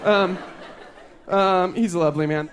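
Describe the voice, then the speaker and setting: Young man, high voice, stand-up comic on a live stage, loose rambling storyteller, faint hiss behind. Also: a little slow, fairly bright tone, a faint crowd. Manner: chatty, rambling storytelling with asides. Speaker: stand-up comedian. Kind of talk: stand-up comedy set. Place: comedy stage before a live audience.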